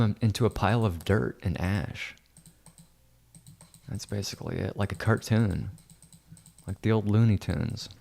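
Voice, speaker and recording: A man's voice: fairly low pitch, creaky, a little mellow. A man doing a photo-editing livestream, chatting casually in a sarcastic, mock-arrogant ranting manner. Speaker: photo editor streaming his work.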